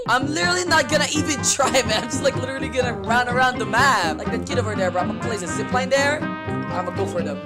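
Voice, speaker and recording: A woman's voice: a little high, expressive, quick pace. A woman commentating her own gameplay, giggling a lot and teasing other players. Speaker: gaming video host. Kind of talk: live gaming commentary. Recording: loud background music. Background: game music.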